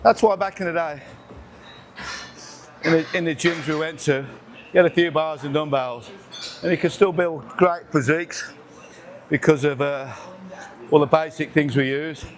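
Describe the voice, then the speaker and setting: A man's voice: on the high side, normal speed, long pauses, a crowd in the background. A man chatting casually while training in a busy gym, counting reps and getting out of breath between sets. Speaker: gym vlogger. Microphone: camera on tripod nearby.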